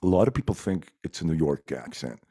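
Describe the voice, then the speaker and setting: A middle-aged man with a Montreal accent whose first language is French, talking in a casual chat, animated and swearing freely. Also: low voice, brisk, breathy edge. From Montreal, Quebec. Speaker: guest musician.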